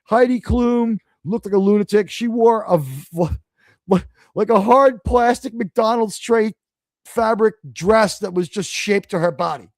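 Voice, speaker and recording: On a dry recording with no echo, a New York City man with a high-pitched voice hosts a live stream. He rants at a measured pace, swearing, sarcastic and wandering from point to point.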